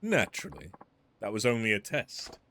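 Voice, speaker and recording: A calm, courteous master weapon smith speaking in formal, measured phrases, read aloud by a man. The voice stays composed, with a lively rise and fall. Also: on the low side, slight background noise, heavily acted. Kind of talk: reading game dialogue aloud.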